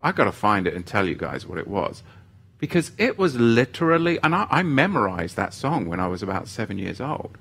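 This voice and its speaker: This faith-show livestream host has a lowish, husky, fairly bright voice with vocal fry, and he talks briskly and very animatedly. Chatting loosely, he reads out viewer comments, pokes fun at himself, and often trails off before finishing sentences.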